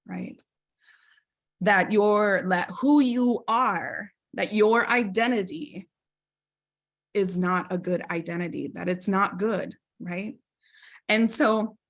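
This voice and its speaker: A woman's voice: fairly low pitch, fairly bright tone. Earnest woman telling a personal story. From Minnesota. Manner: earnest, reflective, many fillers and tag questions. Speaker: webinar presenter and educator. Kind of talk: personal storytelling in a webinar talk. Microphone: video call microphone.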